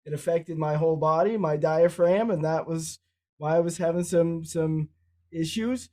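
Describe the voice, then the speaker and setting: A man with cerebral palsy co-hosts a podcast in easy, wandering conversation. His voice is mellow and dark, and he often doubles back on his words mid-sentence. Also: on the high side, normal speed. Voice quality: speech affected by cerebral palsy. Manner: rambling, repeats words and restarts. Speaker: podcast co-host. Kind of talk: casual conversational storytelling.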